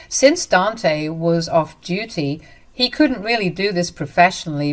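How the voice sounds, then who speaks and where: An earnest woman narrating a first-person story with indignation. Her voice sits somewhat low.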